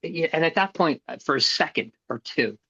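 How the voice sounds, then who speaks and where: A man's voice: a little high, lively intonation, moderate pace, pushed and bright, husky, no room sound, highs cut off. A middle-aged man telling a hard personal story as a guest, earnest and blunt, with some casual swearing. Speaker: podcast guest.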